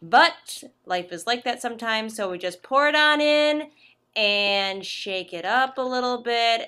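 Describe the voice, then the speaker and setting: A woman's voice: fairly high pitch, lively intonation, measured pace, bright, forceful tone, smooth. A young woman hosting a comedic cocktail tutorial in a dry, sardonic way, stretching out her punchlines. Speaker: video creator.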